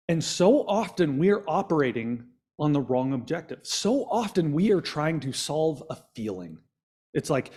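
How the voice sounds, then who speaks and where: A man leading a coaching session on a video call, lively and quizzing his audience. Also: fairly high pitch, normal speed. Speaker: business coach.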